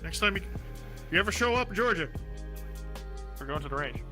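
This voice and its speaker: Bright-voiced young man telling a story. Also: high voice, fairly quick, soft background music. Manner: animated storyteller, swears freely, laughs at himself. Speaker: podcast co-host. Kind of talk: casual chat.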